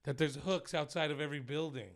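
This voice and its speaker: A man co-hosting a podcast who throws in quick, profane reactions and laughs easily. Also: fairly high pitch. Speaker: podcast co-host. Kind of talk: casual podcast chat.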